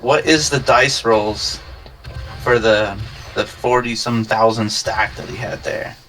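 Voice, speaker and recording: A man hosting casual commentary on an online strategy game, firing off questions and stumbling over words when excited. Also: on the low side, slow, slight background noise. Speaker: commentator and host.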